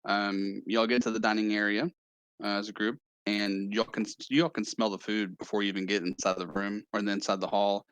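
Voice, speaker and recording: A man's voice: lowish voice, level tone, a little fast, fairly bright tone, clean tone, no echo. A man narrating as game master of a tabletop game in a loose, rambling way with many fillers.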